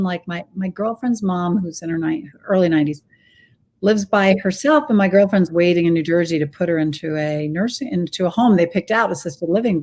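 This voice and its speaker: A woman's voice: on the low side, darkish tone. Chatty woman host, eager storyteller. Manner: chatty, enthusiastic, tells personal stories. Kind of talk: casual interview chat.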